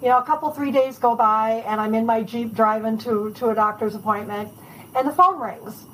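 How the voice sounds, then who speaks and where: A woman author telling lively anecdotes in a casual interview, chatting and laughing as she goes. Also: a little high, moderate pace, a little hiss or hum, rough recording.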